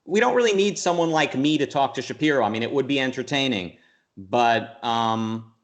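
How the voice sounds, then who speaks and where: A man's voice: mid-range voice, normal speed. Man talking animatedly with many restarts. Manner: rambling, animated, with many restarts and mock voices. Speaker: interview guest. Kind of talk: casual conversational interview.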